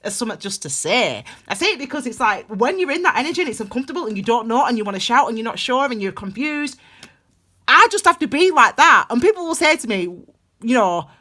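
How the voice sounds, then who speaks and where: A woman's voice: fairly high pitch, very animated, fast, bright, forceful tone. Rambling woman reading tarot. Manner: rambling and emphatic, many restarts. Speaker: tarot reader.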